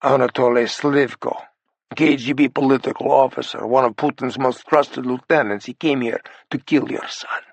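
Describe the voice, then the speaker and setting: A man voicing a calm, steady ally who explains things plainly. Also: mid-range voice, normal speed, vocal fry, no room sound. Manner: plain, matter-of-fact.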